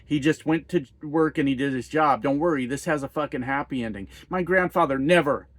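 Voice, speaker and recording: A man's voice: fairly high pitch, a little fast, no echo. A man who works as a trucker, ranting angrily to camera about politics, heated and profane, firing off rhetorical questions. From United States. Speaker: trucker vlogger. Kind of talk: angry political rant to camera.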